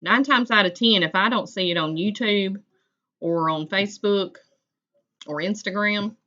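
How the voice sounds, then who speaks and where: A woman's voice: mid-range voice, a little slow, sharp tone, muffled recording. A woman, hosting a casual livestream chat and greeting viewers by name in a folksy way. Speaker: livestream host.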